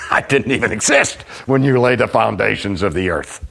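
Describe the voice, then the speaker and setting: A man's voice: on the low side, lively intonation, normal speed, creaky, a bit bright, exaggerated voice. A man preaching a sermon who voices Job, an anguished and bewildered sufferer who pleads and protests. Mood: humble.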